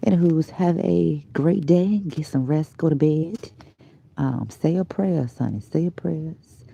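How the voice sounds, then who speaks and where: Tired woman vlogger just rambling to her viewers, dark gravelly voice, sometimes whispers. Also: low-pitched, a little slow, lo-fi sound. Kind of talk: rambling casual live chat.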